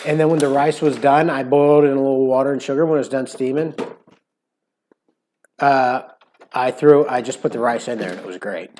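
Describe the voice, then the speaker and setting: A man's voice: mid-range voice, fairly quick, long pauses, a little mellow, a little hiss or hum. An American man hosting a cooking livestream, chatting casually and rambling with lots of fillers. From United States. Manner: rambling, many "like" fillers, playful accent imitations. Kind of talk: casual chat.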